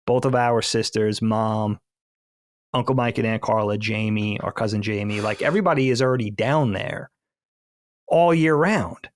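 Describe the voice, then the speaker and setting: A man co-hosting a podcast, asking probing questions and giving quick affirmations in casual chat. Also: on the low side, no echo, clean studio sound. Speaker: podcast co-host.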